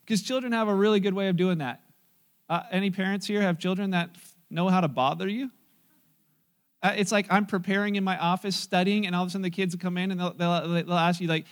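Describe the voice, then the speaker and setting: A man in his forties preaching in a loose, conversational way, his voice sitting fairly high for a man. He tells family stories with lively energy, acts out other people's voices and laughs along. It sounds like a pastor talking easily with his congregation. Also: fairly quick. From North America. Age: 40s. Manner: animated storytelling, acting out voices, laughing.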